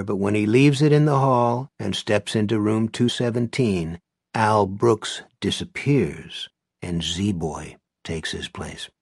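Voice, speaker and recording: Husky low-voiced male audiobook narrator. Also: no room sound, studio quality. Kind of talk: scripted narration.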